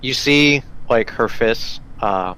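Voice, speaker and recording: A man's voice: medium pitch, takes it slowly, sharp tone, clean tone, low-quality recording. A man narrating as game master of a tabletop game, loose and full of fillers.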